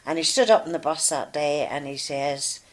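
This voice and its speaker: A woman's voice: low voice, normal speed, rough recording. A woman, co-hosting a casual chat and telling a story with lots of fillers. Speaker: co-host.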